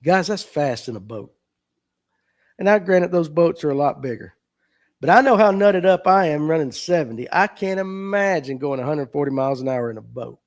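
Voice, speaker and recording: A man's voice: fairly high pitch, lively intonation, normal speed. A middle-aged man, hosting a live fishing talk show and chatting casually as he reads out viewer comments and jokes about them. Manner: folksy, joking, reads comments aloud and riffs on them. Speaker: host of a fishing talk stream.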